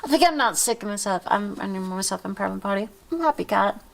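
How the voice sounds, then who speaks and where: A woman's voice: mid-range voice, lively intonation, fast, gravelly, noisy background. Stuffy, rambling woman streamer. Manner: rambling, playful, swears a lot. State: congested from a cold. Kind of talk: casual chat.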